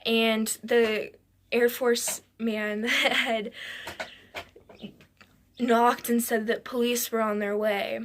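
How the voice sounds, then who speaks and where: A woman's voice: a little high, little pitch movement, very slow, long pauses, a bit bright, a little hiss or hum. A woman narrating a dramatic personal story for a storytime vlog, rambling and breathless with many "I'm like" asides. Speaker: vlogger.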